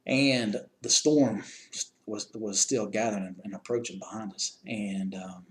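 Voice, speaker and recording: A man's voice: on the low side, fairly even intonation, measured pace, low-quality recording. A man earnestly retelling a rescue to the person he helped save, stopping and restarting often and repeating words. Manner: earnest, plain-spoken. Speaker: eyewitness recounting a rescue.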